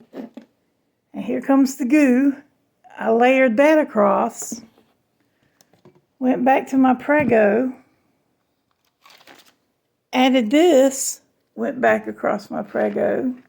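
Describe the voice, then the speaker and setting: Still half asleep, this folksy cooking vlogger talks warmly to viewers as y'all and honey in a fairly high, creaky, slightly mellow voice.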